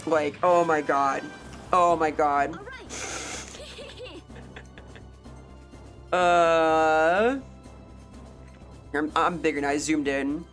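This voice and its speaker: A woman's voice: deep voice, fairly even intonation, slow, pauses often, soft background music. Ranting, profane woman streamer. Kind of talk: casual live-stream chat answering viewers.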